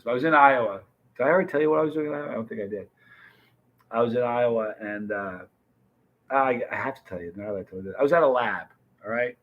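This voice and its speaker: On a lo-fi live stream, a man with a medium-pitched voice chats casually with his audience. He reads viewers' comments aloud and greets each of them by name.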